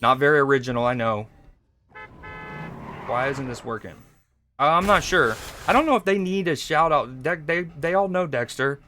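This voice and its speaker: This Georgia man has a fairly high voice with a sharp tone, speaking at a moderate pace and pausing often, with a little hiss or hum on the audio. He's relaxed and joking, talking with his chat as he streams a card game.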